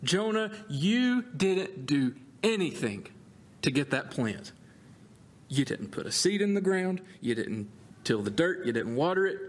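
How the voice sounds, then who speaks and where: A man voicing God as a patient father who reasons slowly and earnestly with a stubborn prophet, in the middle of a sermon. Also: a little high, very animated. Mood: reproving. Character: patient divine father, gently reproving. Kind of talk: sermon with acted quotes.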